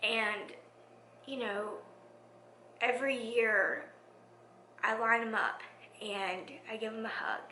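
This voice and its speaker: A woman schoolteacher talking in a reflective vlog, soft and heartfelt, often dropping to a near whisper. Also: on the high side, fairly even intonation, takes it slowly, pauses often, a little hiss or hum. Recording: echoey room.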